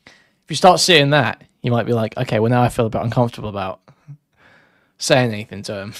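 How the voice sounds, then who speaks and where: A man's voice: mid-range voice, fairly quick, fairly bright tone, dry recording, studio quality. A man on a panel in a heated online debate, blunt and crude, mocking the other side.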